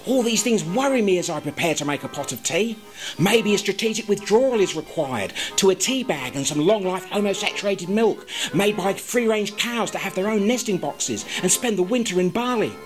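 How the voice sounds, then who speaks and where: A man with an Australian accent delivering a scripted comic monologue in a wry, mock-grand deadpan manner. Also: high voice, moderate pace, rough recording. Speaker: comic narrator. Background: music.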